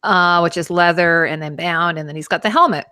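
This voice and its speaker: Woman, host, bright voice, dry close sound, casual costume chat, lots of ums. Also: lowish voice, brisk, clean tone, no echo. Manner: explains costume details with many fillers.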